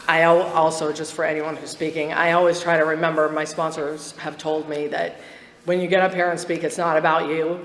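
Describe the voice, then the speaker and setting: A woman's voice: low voice, a bit bright. A woman giving personal testimony at a twelve-step meeting, talking in a candid, chatty way, laughing often and restarting her sentences. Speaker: recovery meeting speaker. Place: meeting hall. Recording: echoey hall, faint background noise.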